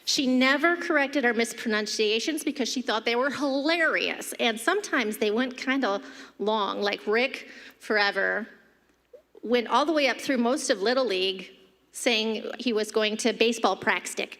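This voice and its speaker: A woman's voice: fairly high pitch, moderate pace. A middle-aged woman giving a humorous eulogy for her mother, telling family anecdotes with light laughter at a church podium. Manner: warm anecdotal delivery, laughing between stories. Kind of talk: humorous memorial storytelling. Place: church sanctuary. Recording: long church reverb.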